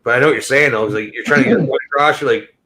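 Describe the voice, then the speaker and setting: A man's voice: mid-range voice, racing, a crowd in the background. A man co-hosting a casual stream chat, swearing often and rambling in loose sentences. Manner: profane, rambling, trails off. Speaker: stream co-host.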